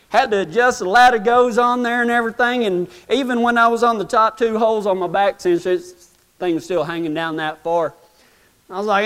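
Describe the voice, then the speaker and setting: A man's voice: sits high, fairly quick, a bit bright. A man telling a humorous, self-mocking story in folksy rural speech to a live audience. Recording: long hall reverb.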